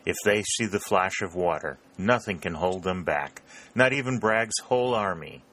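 A man's voice: sits low, normal speed, fairly bright tone. A man doing a spirited young Union soldier. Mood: excited.

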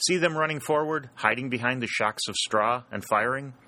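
A man voicing a steady, cautious young officer in an audiobook, giving measured, sober replies. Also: medium pitch, pitched above the performer's own voice, natural voice. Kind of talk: audiobook character voice.

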